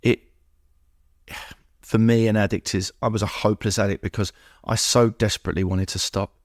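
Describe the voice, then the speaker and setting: A man's voice: lowish voice, little pitch movement, normal speed, no echo, clean studio sound. A man talking as a podcast guest in an emotional, heartfelt conversation, earnest and repeating himself in rhythmic runs of words. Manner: earnest, repetitive, lists things in rhythmic runs.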